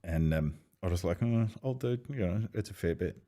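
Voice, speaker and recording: Deep-voiced man telling stories. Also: moderate pace. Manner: swearing, animated anecdotes with quoted voices. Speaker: podcast guest. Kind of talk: casual storytelling chat.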